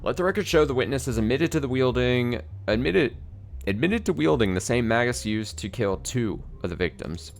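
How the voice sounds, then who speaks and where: A man's voice: mid-range voice, animated, moderate pace, vocal fry, voice pushed up. A man doing a smug, needling prosecutor.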